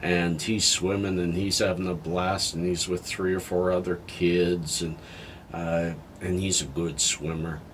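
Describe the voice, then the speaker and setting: An older man talking candidly in a personal vlog, halting and heartfelt, sounding tired and emotional. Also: low voice, flat delivery, slight background noise. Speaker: health vlogger.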